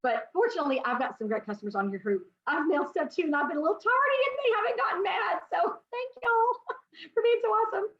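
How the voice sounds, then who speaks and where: A woman's voice: very high voice, animated, fast, lo-fi sound. A woman hosting an online business call, gushing and laughing often as she shares her screen. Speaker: host.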